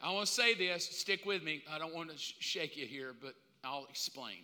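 Animated preacher man in a big hall. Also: a little high, normal speed. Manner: animated, swinging between loud and hushed. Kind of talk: sermon. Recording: long hall reverb.

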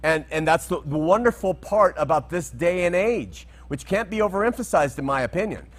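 A man with a somewhat high voice teaches through Bible verses in an unscripted way. He talks conversationally, wanders off into asides and checks in with his listeners to see if they follow. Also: expressive, brisk.

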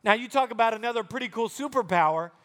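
A man with a very high voice tells a Bible story to a group of children. He keeps it chatty and playful and speaks straight to the kids as he goes. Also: animated, fast talker, a bit bright.

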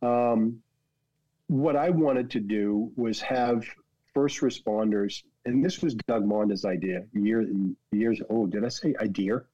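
A man's voice: medium pitch, unhurried, mellow, dry recording. Boston guy on a podcast, earnest, keeps restarting his sentences, kinda dull dry lo-fi sound. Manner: earnest and emphatic, frequent word repeats and restarts. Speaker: podcast guest, foundation founder. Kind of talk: candid conversational interview.

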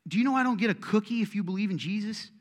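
A man's voice: high-pitched, rapid-fire, long reverb tail. A middle-aged man preaching a sermon in a church, joking and chatty at first, then building to emphatic preaching. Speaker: pastor. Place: church sanctuary.

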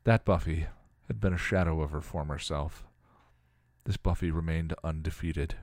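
A man reading a piece of fan fiction aloud in a steady storytelling manner. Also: rumbling low, moderate pace, dry recording, clean studio sound. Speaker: story reader.

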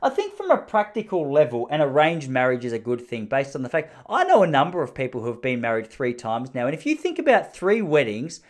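A man's voice: mid-range voice, wildly swooping pitch, fairly quick, hardly any pauses. A man rambling sarcastically in a casual comedic monologue, acting out quoted voices as he goes.

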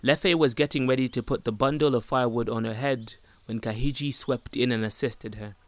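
A man narrating a story in a calm, even storytelling manner. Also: medium pitch, a little fast, dry recording.

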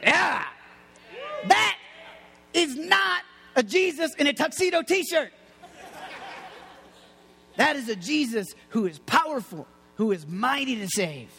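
A man with a high voice preaching a lively, jokey sermon, tossing out playful asides as he goes. His voice rings with the long reverb of a large hall. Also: slow pace, gravelly, long pauses, soft background music.

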